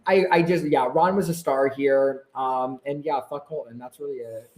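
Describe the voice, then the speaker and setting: A man's voice: medium pitch, fairly even intonation, moderate pace, a little mellow. A man chatting casually as a podcast guest, brash and profane, dramatic about a reality show. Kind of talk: casual chat.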